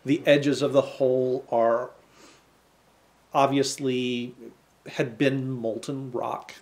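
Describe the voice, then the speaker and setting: A man narrating a tabletop game as game master, slow and halting with many fillers. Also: mid-range voice, level tone, a little mellow.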